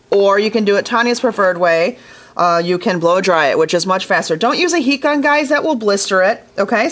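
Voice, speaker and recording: A woman's voice: mid-range voice, fairly bright tone. A woman teaching glass fusing in a casual hands-on tutorial, chatty and enthusiastic, talking straight to her viewers from a studio workshop.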